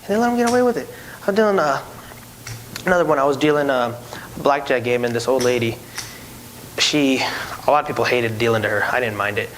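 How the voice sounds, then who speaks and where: A man who used to be a casino dealer tells stories in a casual chat, animated and acting out the people in them. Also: medium pitch, fast, long pauses, a little hiss or hum, poor audio. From Hispanic heritage, no country given. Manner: animated, acts out voices in his stories, many restarts. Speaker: podcast co-host, former casino dealer.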